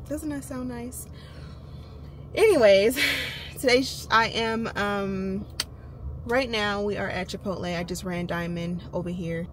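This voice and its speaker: A woman and mom chatting candidly to her viewers in a casual vlog. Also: noisy background. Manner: chatty and candid, with lively jumps in pitch. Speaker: vlogger and mom. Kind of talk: casual vlog chat to camera.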